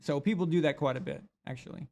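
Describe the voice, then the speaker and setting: A man's voice: a little high, quick pace, gravelly, a little mellow. A man hosting a live sports reaction stream, talking casually and animatedly. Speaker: sports show host.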